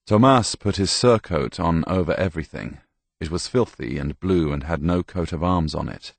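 A man narrating an audiobook in a very deep voice with a gravelly edge. His storytelling is measured and deliberate, taken at a slow pace. The recording is dry and close. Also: no echo. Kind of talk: scripted narration.

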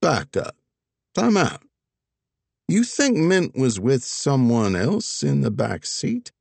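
A man voicing a methodical male investigator who makes his case in a measured, insistent way. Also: medium pitch, sing-song, creaky, a little mellow, breathy edge, no echo, pitched above the performer's own voice, heavily acted.

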